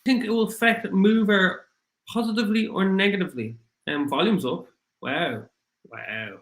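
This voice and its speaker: A man with an Irish accent hosting a casual livestream, rambling and apologetic, his voice getting rough after hours of talking. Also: sits high, moderate pace, a bit bright, reverberant, poor audio. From Ireland. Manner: rambling, apologetic, thinks aloud with many fillers. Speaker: crypto livestream host. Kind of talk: casual livestream chat, reading viewer comments.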